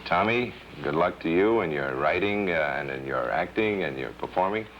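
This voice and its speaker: A man's voice: low voice, expressive, moderate pace. A male host closing a comedy round-table show, thanking each guest and inviting viewers back next week. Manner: courteous, thanks guests one by one. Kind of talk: show sign-off. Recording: dull old TV recording with faint hiss.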